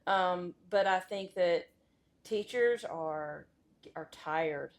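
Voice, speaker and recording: A woman's voice: fairly low pitch, extremely slow. A middle-aged woman, a school vice principal as a podcast guest, giving candid, emphatic opinions in easy conversation. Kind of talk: casual interview chat.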